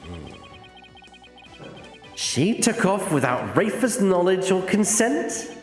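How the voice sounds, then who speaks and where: A person voicing a defense attorney in a group fan dub of a game, animated and exclaiming. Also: mid-range voice, slow, soft background music.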